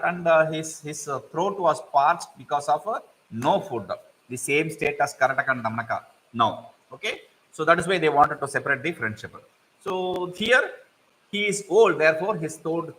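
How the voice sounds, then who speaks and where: A middle-aged man telling and explaining a fable, with lively digressions. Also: fairly high pitch, poor audio. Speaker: storyteller and teacher.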